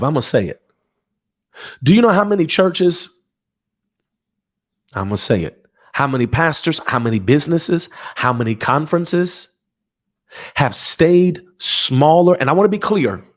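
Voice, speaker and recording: A man preaching to an online audience from his home office. He speaks with fervent, emphatic conviction and repeats key phrases for his listeners, in a voice of ordinary middle pitch. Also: sing-song, moderate pace, long pauses. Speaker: pastor. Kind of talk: livestreamed preaching.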